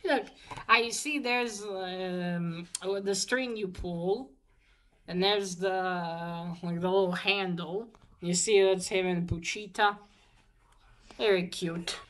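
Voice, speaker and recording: A woman's voice: on the low side, steady tone, takes it slowly, a bit bright, low-quality recording. A woman giving a casual spoken manga review, rambling through the plot with many fillers and restarts, then gushing over the art. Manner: gushing when pointing out cute art.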